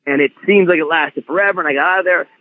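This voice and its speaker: A man guest on a podcast, telling stories in an animated, restart-filled way over a phone-like line. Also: fairly high pitch, racing. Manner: animated storyteller, many restarts. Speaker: guest wrestler. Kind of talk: casual podcast chat.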